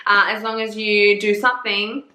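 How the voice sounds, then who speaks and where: Here the young woman reviewing books talks at a moderate pace in a mid-range voice, chatting casually with plenty of sass, energy and cursing. Her words bounce around an echoey room.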